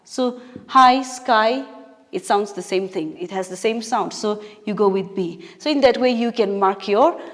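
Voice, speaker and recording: Speaking at a moderate pace in a mid-range, slightly mellow voice, a woman teaches an English poetry lesson. Her explanations come patiently and step by step, with fillers and little self-corrections. The classroom recording has a long hall reverb.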